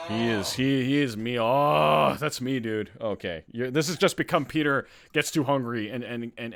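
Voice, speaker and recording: Excitable podcast host with lively pitch. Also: male voice. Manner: excitable, reacts loudly while reading aloud. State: hungry. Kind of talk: casual live-stream podcast chat.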